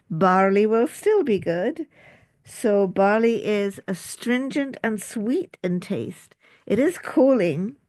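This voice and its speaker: A woman's voice: mid-range voice, darkish tone, no room sound. A middle-aged woman with an English accent, a doctor and school principal, giving a chatty, informal health talk to camera with jokey asides. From United Kingdom.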